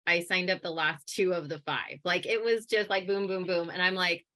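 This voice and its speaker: Interview guest: woman, 30s, bright, animated, filler-heavy telling of her own story. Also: on the low side, moderate pace. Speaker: guest, coaching business owner. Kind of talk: casual interview.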